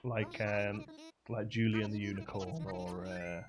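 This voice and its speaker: A man's voice: on the low side, fairly even intonation, measured pace, a crowd in the background. A man hosting a casual livestream, easygoing and chatting back to viewer comments with frequent laughs. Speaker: livestream host.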